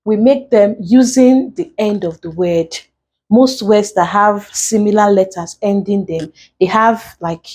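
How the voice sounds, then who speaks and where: A woman's voice: medium pitch, dark tone. A woman teaching an exam-prep English lesson with a Nigerian accent, explaining rules step by step and spelling out letters. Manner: slow, deliberate, spells out letters. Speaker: English tutor.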